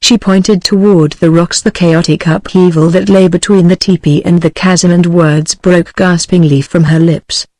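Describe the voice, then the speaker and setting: A synthetic text-to-speech voice of a woman with a British English accent, narrating a novel in a steady, even, machine-like delivery. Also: on the low side, normal speed, hardly any pauses, dry recording, low-quality recording. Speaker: audiobook narrator.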